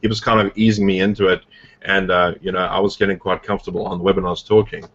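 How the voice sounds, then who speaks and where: A man's voice: low voice, little pitch movement, quick pace, a bit bright, lo-fi sound. A man casually coaching a group about his online business, rambling with lots of fillers and restarts. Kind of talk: casual motivational talk on a group video call.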